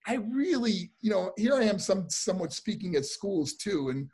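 A man being interviewed, telling animated stories about his past career, with many fillers and acted-out voices. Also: high-pitched, normal speed, husky. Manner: animated, acts out voices in anecdotes, frequent fillers. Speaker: interview guest, former wrestler. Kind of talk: casual storytelling.

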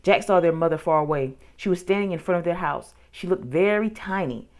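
A woman reading a children's book aloud, with steady, expressive storytelling. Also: on the low side, brisk.

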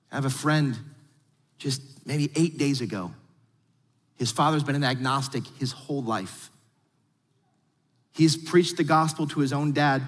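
Male pastor, high husky voice, animated storytelling sermon, big reverberant church hall. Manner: animated storytelling, repeats words when starting phrases. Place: large church auditorium.

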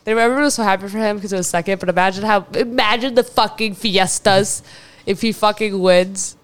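A woman's voice: mid-range voice, brisk, clean tone. A young woman co-hosting a casual sports podcast, chatting loosely, giggling often and swearing freely. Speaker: podcast co-host. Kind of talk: casual chat.

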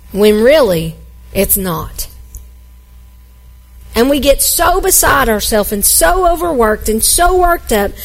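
A middle-aged woman pastor preaching a sermon, reading scripture and acting out the characters with animated storytelling. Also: high voice, low-quality recording. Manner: animated storytelling, acts out grumpy Jonah.

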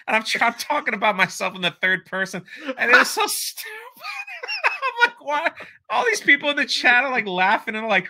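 Bright-voiced young man telling stories. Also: very high-pitched, normal speed. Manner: animated, laughing, many fillers. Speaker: interview guest, YouTuber. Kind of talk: casual storytelling.

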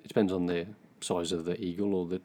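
A man's voice: low-pitched, little pitch movement, quick pace, warm tone. A man in easygoing casual chat, musing aloud and often restarting his sentences.

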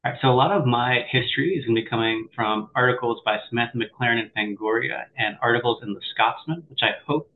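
A man co-hosting a podcast, chatty and enthusiastic, running through history notes with light humor. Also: mid-range voice. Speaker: podcast co-host. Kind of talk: casual podcast chat and reading history notes. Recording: thin phone-like sound with faint noise.

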